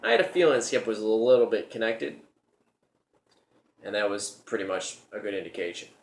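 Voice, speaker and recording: A man's voice: on the low side, very animated, normal speed. Rambling storyteller man, echoey room. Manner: rambling, repeats words while telling the story. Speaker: show host telling a personal story. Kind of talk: casual storytelling monologue.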